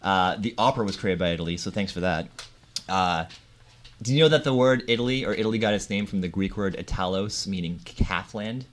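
A man's voice: deep voice, fairly quick, a little hiss or hum. A man hosting a podcast in a casual chat, reading out trivia and laughing often. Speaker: podcast host.

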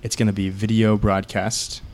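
A man co-hosting a casual podcast, announcing plans to listeners in a relaxed, halting way. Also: on the low side. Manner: relaxed, plugs the show with halting restarts. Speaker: podcast co-host. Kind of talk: casual chat.

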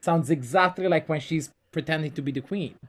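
A man hosting a video call, excitable and gushing, laughing often. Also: fairly high pitch, fairly quick. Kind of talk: casual video call chat.

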